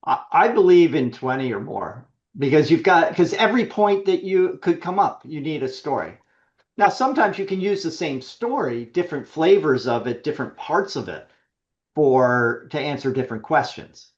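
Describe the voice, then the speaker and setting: A man coaching an online webinar audience, lively and emphatic, often restarting his sentences. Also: a little high, normal speed, lo-fi sound. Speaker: webinar presenter. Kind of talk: coaching talk with worked examples.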